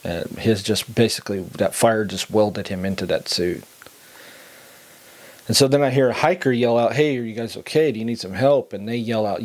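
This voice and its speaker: A man's voice: mid-range voice, normal speed, a little mellow. A middle-aged man earnestly telling a personal story on a podcast, acting out what people said. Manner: earnest, acts out quoted dialogue. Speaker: podcast host telling his testimony.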